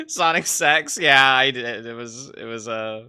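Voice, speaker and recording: Male streamer, casual drawing-stream chatter, rambling, chuckles a lot, hums under his breath, unhurried delivery. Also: mid-range voice, very animated, pushed and bright, clear, resonant tone, soft background music. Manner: rambling, laughs often, trails off and hums to himself. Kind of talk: casual livestream chat while drawing.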